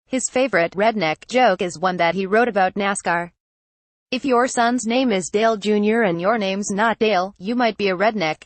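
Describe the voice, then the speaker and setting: A woman's voice reading out a news article, photo credits and quoted punctuation included, in a flat read-out manner. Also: medium pitch, dry recording. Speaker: news reader. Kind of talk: text-to-speech article reading.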